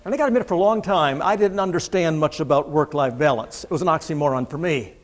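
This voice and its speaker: Middle-aged guy, fairly high voice, funny keynote to a crowd, sets up jokes then lands them. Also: quick pace. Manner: humorous storytelling, punchline timing. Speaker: motivational speaker. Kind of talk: keynote speech to a live audience. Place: large room with audience.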